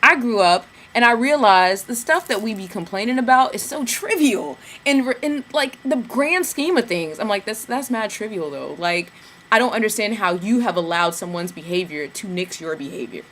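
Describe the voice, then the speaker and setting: A young woman from Georgia, telling a story in a casual vlog rant, animated and sassy, slipping into mimicked asides. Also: medium pitch, normal speed. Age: young adult. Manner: animated, mimics people in asides, sassy slang, bursts of cackling laughter. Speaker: vlogger.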